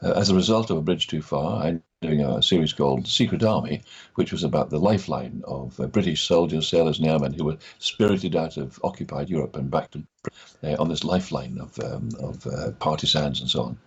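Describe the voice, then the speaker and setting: A man's voice: a bass voice, fairly quick, creaky, slightly rough, lo-fi sound. An older Scottish man, an actor guest in an interview, telling stories and acting out the voices of people he quotes. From Scotland. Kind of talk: anecdotal interview storytelling.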